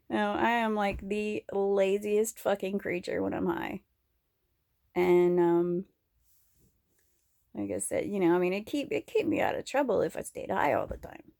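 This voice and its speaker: A woman's voice: mid-range voice, slow, creaky, pauses often, a little mellow, dry recording. A woman vlogging from home, rambling candidly and crudely and laughing often as she talks. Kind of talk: casual rambling monologue.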